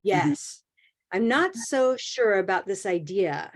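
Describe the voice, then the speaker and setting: A woman teaching an English pronunciation class over a video call, modeling phrases slowly and praising her students. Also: medium pitch, big pitch swings. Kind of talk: online class coaching.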